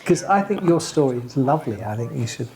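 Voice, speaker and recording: A woman hosting a casual interview, chatty and lively in her questions. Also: rumbling low, fast talker, a crowd in the background, rough recording. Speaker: host.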